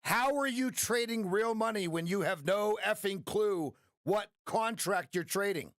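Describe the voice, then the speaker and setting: A man's voice: high voice, a little slow, fairly bright tone, dry recording, clean studio sound. A man coaching traders on a live stream, blunt, passionate and profane. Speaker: trading coach.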